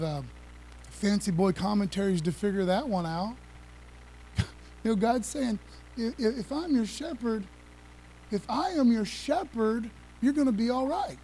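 Excitable, high-voiced male preacher. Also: slight background noise, poor audio. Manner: excitable, fast and conversational, with laughs and asides. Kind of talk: energetic sermon with slides.

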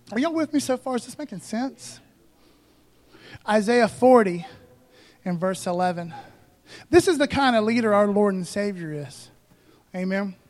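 A man preaching a sermon as pastor, conversational and joking, calling out to the congregation. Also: high voice.

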